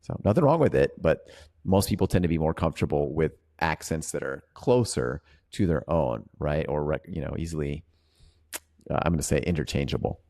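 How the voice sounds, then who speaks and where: A man's voice: a bass voice, animated, a little fast, mellow. A man co-hosting an interpreting podcast, chatting casually and often checking in with "right?". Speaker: podcast co-host.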